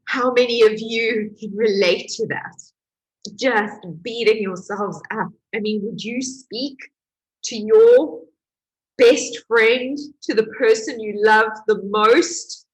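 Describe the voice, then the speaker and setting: A woman who is a healing coach, telling her own story in an emotional, animated way with laughs. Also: medium pitch, slow pace, husky, low-quality recording. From Portugal. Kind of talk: personal testimony to camera.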